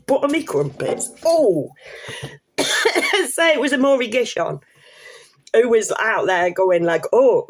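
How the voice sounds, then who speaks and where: British woman in her 40s vlogging, cheeky and blunt, laughs a lot, swears a bit. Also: on the low side. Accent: British English. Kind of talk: casual to-camera commentary.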